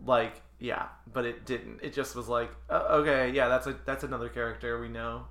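A laid-back man co-hosting a podcast, with dry remarks and lots of fillers. His voice is bright, and it sits in a roomy, echoing space. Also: medium pitch, brisk. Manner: relaxed, dry, filler-heavy. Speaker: podcast co-host. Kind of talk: casual chat about a TV show. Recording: roomy echoey room.

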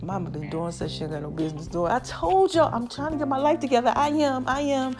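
A woman hosting a podcast with a raspy, slightly hoarse voice, preaching casually and calling her listeners "baby" and "y'all". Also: lively intonation, fast, music in the background. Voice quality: raspy, deeper than usual. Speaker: podcast host. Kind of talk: casual motivational podcast monologue.

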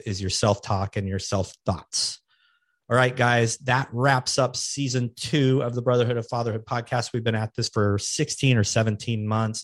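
An earnest man talks listeners through motivational advice on his podcast, coaching and repeating key phrases to drive them home. His voice sits at an ordinary middle pitch for a man. The sound is dry and close, with no room around it. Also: no room sound. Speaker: podcast host.

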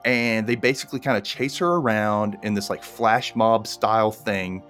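A man's voice: lowish voice, moderate pace, faint music behind. A man casually recapping a TV episode with a co-host, often acting out the characters in a raised voice. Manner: animated, acts out characters in a raised voice. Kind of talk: casual chat.

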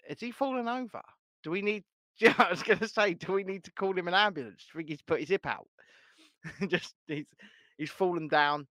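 A man's voice: fairly high pitch, sharp tone, no echo, clean studio sound. A man hosting a casual live stream chat, swearing and laughing as he banters with viewers and his co-host. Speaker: livestream host.

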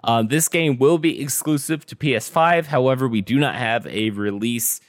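A man hosting a casual podcast chat, giving news updates in a relaxed way with lots of ums and restarts. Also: medium pitch, normal speed, dry recording. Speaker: podcast host.

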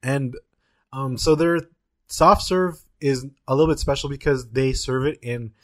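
A man's voice: mid-range voice, unhurried, fairly bright tone. A man co-hosting a podcast from Southern California, chatting enthusiastically about food with lots of fillers. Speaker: podcast co-host. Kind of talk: casual chat. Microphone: studio mic.

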